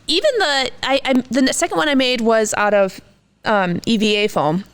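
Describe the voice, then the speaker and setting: A woman in her thirties co-hosting a casual podcast. Her voice sits a little high and sounds smooth and resonant. She chats freely, laughs often and leaves sentences hanging. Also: lively intonation, normal speed. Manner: chatty, laughs often, trails off mid-sentence. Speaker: podcast co-host. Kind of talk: casual chat.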